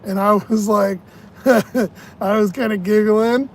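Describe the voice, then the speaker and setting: A man's voice: high-pitched, fairly even intonation, slow pace, slight background noise. A tired man vlogging in a casual, rambling way, swearing often and laughing at his own stories. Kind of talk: casual rambling vlog talk.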